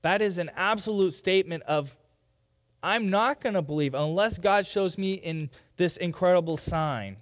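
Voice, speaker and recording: A man's voice: sits high, moderate pace, in a large hall. A man preaching a sermon as pastor, in a conversational way, sometimes mimicking doubters. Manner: conversational, quoting skeptics in mock voices. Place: church sanctuary.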